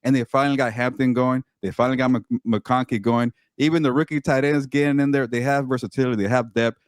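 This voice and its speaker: A man with a mid-pitched voice giving emphatic sports opinions as a columnist. He stumbles over and repeats words when he gets going. The sound is dry and close to the mic. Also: steady tone, fast talker, dry recording. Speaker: sports podcast co-host and columnist. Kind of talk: casual sports talk.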